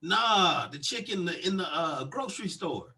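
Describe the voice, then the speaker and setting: A young man co-hosting a casual podcast, an animated storyteller who acts out the people he quotes. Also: high-pitched, normal speed, creaky, breathy edge. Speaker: podcast co-host.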